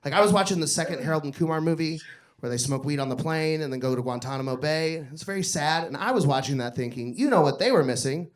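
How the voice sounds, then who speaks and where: A man performing a crude stand-up comedy set on a club stage, yelling his punchlines and telling stories. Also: fairly high pitch, fast talker. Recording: noisy live club recording.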